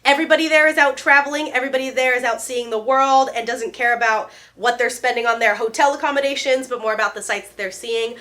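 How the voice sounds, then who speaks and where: Bright chatty woman in her thirties. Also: fairly high pitch, quick pace, hardly any pauses. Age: 30s. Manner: chatty, animated, jokey asides and playful put-on voices. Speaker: vlogger. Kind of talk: casual chat.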